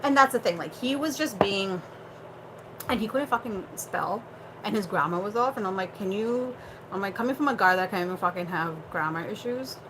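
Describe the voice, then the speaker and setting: A woman's voice: medium pitch, expressive, fairly quick, noisy background. A young adult woman hosting a casual livestream chat, blunt and chatty, swearing freely and using lots of fillers. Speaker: livestream host.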